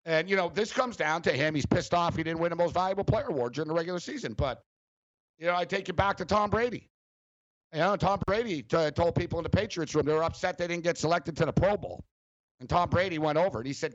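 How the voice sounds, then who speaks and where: A man's voice: a little high, fast talker, no room sound, lo-fi sound. A man hosting a sports talk radio show, ranting sarcastically with lots of fillers.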